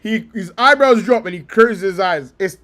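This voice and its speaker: A young man hosting a casual live stream, reacting to clips in excited, laughing bursts and swearing freely. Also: high-pitched, normal speed.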